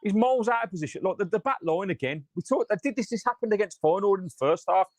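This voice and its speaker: A man's voice: high-pitched, expressive, fast, no echo. A man hosting a fan channel, reacting live after a match in a frustrated, sweary rant and reading out viewer comments.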